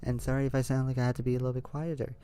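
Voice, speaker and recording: A man hosting a let's play at home late at night, talking quietly but clearly excited. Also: medium pitch, racing. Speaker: gaming YouTuber host. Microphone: handheld mic held close.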